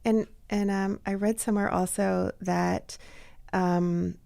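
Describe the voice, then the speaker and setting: A woman hosting an interview, asking questions in a halting way with restarts. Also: medium pitch, steady tone, creaky, warm tone. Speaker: podcast host.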